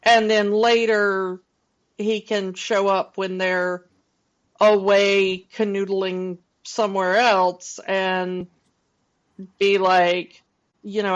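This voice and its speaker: Slow-talking woman, slightly muffled audio. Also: mid-range voice, flat delivery. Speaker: podcast co-host. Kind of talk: casual film discussion.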